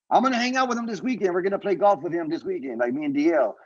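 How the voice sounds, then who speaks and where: A man, a guest comedian on a podcast, telling stories in casual chat, profane and animated, acting out what others said. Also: on the high side, fast talker, muffled recording. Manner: animated storytelling, profane, acts out quotes.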